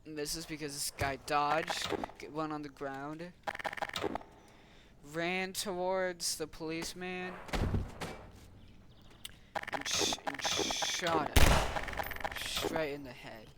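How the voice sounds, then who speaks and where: A man's voice: fairly high pitch, steady tone, takes it slowly, long pauses. A man casually retelling a story, rambling and restarting his sentences as he acts out the characters. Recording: loud background noise.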